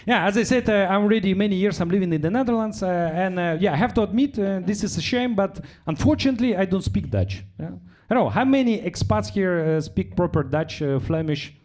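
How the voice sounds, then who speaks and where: A man's voice: fairly quick, hardly any pauses. A young man from Russia with a Russian accent, doing a chatty stand-up set on stage and tagging his lines with "yeah?". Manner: drops into deadpan low voices for quoted lines. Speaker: stand-up comedian. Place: comedy club stage.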